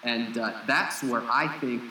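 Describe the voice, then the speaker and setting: Bright-voiced blunt man in an echoey room. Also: medium pitch, measured pace, a little hiss or hum. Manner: blunt, frank, swears casually. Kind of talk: casual conversational podcast. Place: lives in Costa Rica.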